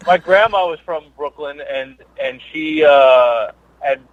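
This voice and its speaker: A man's voice: on the high side, no echo, highs cut off. A man, a comedian, chatting casually as a podcast guest, rambling with frequent restarts. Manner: rambling, halting, many restarts. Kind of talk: casual chat. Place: New York based.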